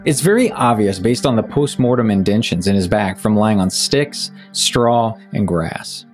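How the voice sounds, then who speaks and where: A man hosting a true-crime podcast, asking calm, probing questions and reading scripted narration. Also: fairly low pitch, measured pace. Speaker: podcast host and interviewer. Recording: music bed under the voice.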